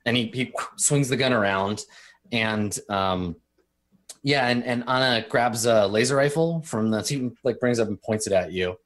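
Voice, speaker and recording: A man narrating as game master of a tabletop game, with a halting, filler-heavy way of talking. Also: mid-range voice.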